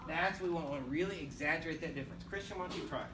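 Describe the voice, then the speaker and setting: Male band teacher, somewhat high voice, counting beats, encouraging, distant, echoey room, noisy classroom. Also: rapid-fire. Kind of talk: classroom instruction. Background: students and instruments.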